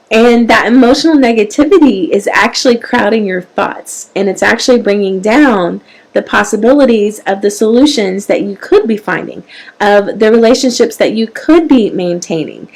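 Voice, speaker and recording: A woman hosting a parenting show, giving an earnest, animated motivational talk straight to her viewers. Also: medium pitch, normal speed, poor audio. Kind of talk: live-streamed motivational talk.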